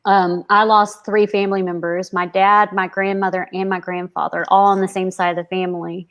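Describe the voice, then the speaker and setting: A woman co-hosting a live stream, talking in a soft, reflective way in casual chat. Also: mid-range voice, little pitch movement, normal speed, muffled recording.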